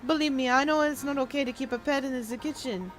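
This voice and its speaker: A woman's voice: high-pitched, quick pace, faint music behind, close to an everyday voice. A woman voicing a fussy, chatty, lonely male cook. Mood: sheepish.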